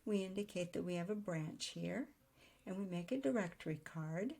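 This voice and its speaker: Woman, writing teacher, gravelly voice, husky edge, thoughtful explanatory lesson. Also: lowish voice, animated, warm tone. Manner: thoughtful, explanatory, pauses to reason aloud. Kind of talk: daily video lesson on note-taking.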